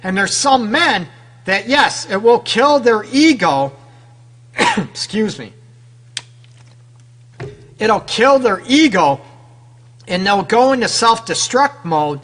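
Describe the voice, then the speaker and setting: Guy doing a relationship advice radio show, high bright voice, chatty, keeps asking the ladies questions. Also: sing-song, takes it slowly, pauses often. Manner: direct, conversational, keeps addressing women listeners; frequent rhetorical questions and tag "right?". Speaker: relationship counselor and radio host.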